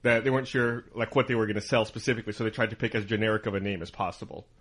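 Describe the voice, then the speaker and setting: A man's voice: fairly low pitch, steady tone, racing, a bit bright, slightly rough. A man co-hosting a casual podcast chat, sarcastic and sweary. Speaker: podcast co-host.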